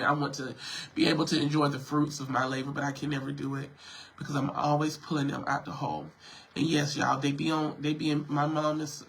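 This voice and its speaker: A man's voice: fairly high pitch, a bit bright, low-quality recording. A sick man, venting to his viewers on a livestream from home and coughing. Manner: emotional, repetitive, addresses viewers as y'all. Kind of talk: casual livestream talk.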